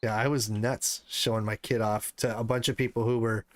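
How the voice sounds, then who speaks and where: A man's voice: lowish voice, little pitch movement, normal speed, no room sound. Gamer guy on stream, 30s, chatty and gets cranky at the game, dead dry mic sound. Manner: chatty, swears when frustrated, reads chat aloud. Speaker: livestreamer. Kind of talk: casual livestream chat while gaming.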